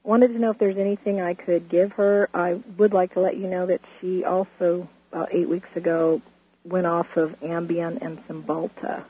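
A woman's voice: fairly low pitch, flat delivery, normal speed, husky. A middle-aged woman calling a radio show, explaining a family worry earnestly. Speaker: caller. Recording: muffled radio call with faint noise.

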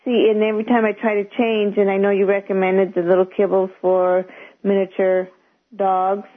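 A woman calling in to a radio show, halting and unsure, filling gaps with uhs and ums. Her voice is of middle pitch. It comes through a thin, tinny phone line. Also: little pitch movement. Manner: hesitant, halting with many fillers. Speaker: caller.

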